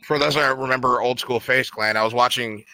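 A man's voice: mid-range voice, fairly even intonation, a little fast, bright, forceful tone, no echo. A man from New England co-hosting a podcast, chatting casually and rambling with lots of fillers. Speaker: podcast co-host. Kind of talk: casual chat.

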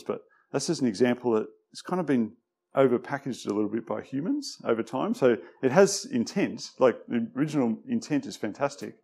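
A man preaching in an easy, conversational way into a microphone. He hesitates often with fillers and his voice sometimes sinks quiet, at a mid pitch. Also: creaky. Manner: relaxed, hesitant, many fillers; tends to drop quiet. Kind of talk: conversational sermon.

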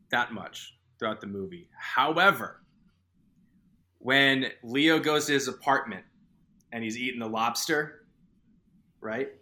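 A man from Boston in casual movie chat, swearing freely and eagerly quoting lines from films. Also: medium pitch. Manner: excited, swears a lot, quotes film lines.

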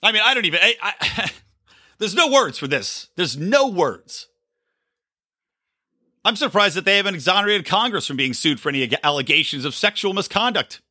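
A man's voice: sits high, expressive, moderate pace, pushed and bright, no echo, studio quality. A man hosting a podcast, ranting sarcastically about politics and swearing freely, short on sleep. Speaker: podcast host. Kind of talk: solo political commentary.

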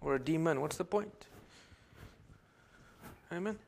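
A high-pitched man from Africa preaching from the pulpit. He rises into loud, fervent exhortation, then drops to quiet, chatty asides. Amens and hallelujahs run through everything he says. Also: slow pace, vocal fry. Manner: swings between loud exhortation and quiet asides, peppered with amen and glory to God. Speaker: pastor. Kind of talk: sermon.

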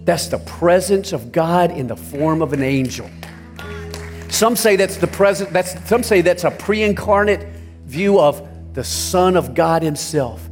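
A man preaching a sermon as pastor. He speaks emphatically, swings from soft asides to near-shouts, and talks straight to his congregation, telling them what to write down. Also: on the high side, animated, unhurried, faint music behind. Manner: addresses the congregation directly, asking them to take notes.

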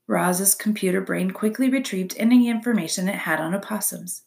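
A woman narrating a children's novel aloud in an expressive storybook reading. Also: mid-range voice, moderate pace, vocal fry, few pauses.

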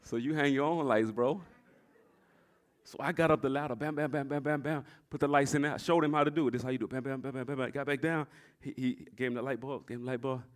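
A male pastor preaching a sermon in a church, telling a story and repeating phrases as he builds to shouts. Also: medium pitch, fairly even intonation, fast talker.

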